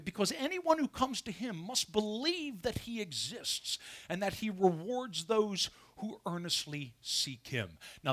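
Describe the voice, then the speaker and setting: A man preaching a sermon as pastor from a church pulpit, asking his congregation questions as he goes. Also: fairly high pitch. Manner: animated preaching with rhetorical questions.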